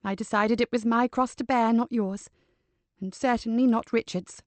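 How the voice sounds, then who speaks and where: A grave, dignified older mother, as a woman narrator puts her on speaks in an even, controlled tone. The delivery is quiet and softly measured, close and dry. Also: fairly high pitch, no room sound, close to an everyday voice. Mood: tender.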